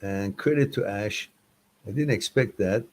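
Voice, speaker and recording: A man's voice: on the low side, measured pace, rough recording. A man hosting a live chat stream, talking in a loose, rambling and informal way with hesitant restarts.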